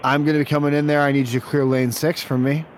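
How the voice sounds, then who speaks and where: A man's voice: a little high, flat delivery, quick pace, slight background noise, lightly acted. A man prank calling as a brash, bossy self-proclaimed bowling champion. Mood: demanding. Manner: bossy, demanding, rude. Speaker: prank caller.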